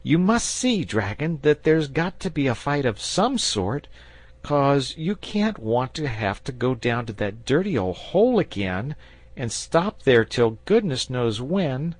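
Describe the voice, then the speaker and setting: A man voicing an eager young boy who talks pushy and blunt, pitched well above his own voice. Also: sing-song, a little slow, dry recording. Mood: insistent.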